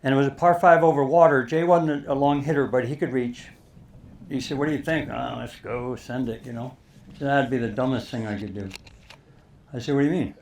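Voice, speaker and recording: An older man telling a lively golf story to an audience, acting out the quoted lines. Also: medium pitch, brisk, a little hiss or hum. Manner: animated storyteller, acts out quotes. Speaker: speaker telling a caddie story.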